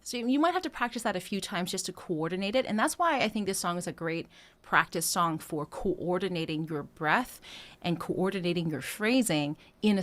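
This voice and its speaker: Lively-voiced woman teaching a singing lesson. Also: on the low side. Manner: explains phrasing step by step, breaking into sung demonstrations; conversational with frequent fillers and restarts. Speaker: vocal coach.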